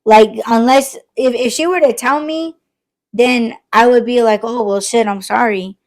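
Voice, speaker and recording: A woman's voice: fairly high pitch, unhurried. A woman hosting a podcast in casual late-night chat, swearing freely and acting out the other side of conversations. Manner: profane, animated, acts out quoted exchanges. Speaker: podcast host.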